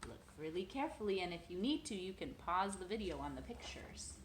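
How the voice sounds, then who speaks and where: A woman's voice: on the low side, very animated, a little fast, reverberant, slight background noise, low-quality recording. A woman reading a children's picture book aloud at home, sing-song and playful, talking to a toddler between pages.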